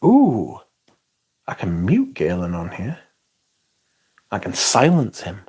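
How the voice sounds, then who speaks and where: A man hosting a casual livestream, chatting and answering viewers in an animated, exclamatory way and swearing freely. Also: low voice, takes it slowly, husky. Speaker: livestream host. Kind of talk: casual livestream chat, reading viewer comments.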